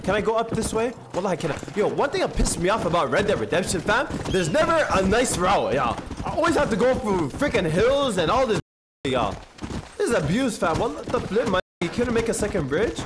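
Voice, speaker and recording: A young man streaming a video game, chatting in a rambling, excitable way with heavy slang. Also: sits high, brisk. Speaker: gaming streamer. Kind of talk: casual live-stream commentary. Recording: noisy stream with game sounds.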